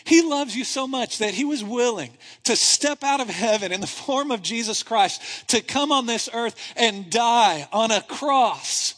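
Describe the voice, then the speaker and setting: A man with a fairly high voice preaches to his congregation in an easy, conversational way. He keeps checking in with rhetorical questions and builds to more animated moments. The sound carries a long hall reverb from the church sanctuary. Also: a little slow, few pauses. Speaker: pastor. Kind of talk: sermon.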